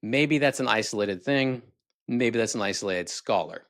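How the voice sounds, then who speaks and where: A man's voice: mid-range voice, normal speed, no echo, clean studio sound. A man hosting a video, giving sarcastic, rambling, critical commentary. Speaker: video host. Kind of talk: casual commentary.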